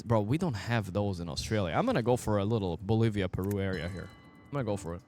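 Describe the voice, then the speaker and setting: A man streaming a game, giving casual, excitable commentary, swearing often and talking to his chat. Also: fairly low pitch, quick pace, few pauses.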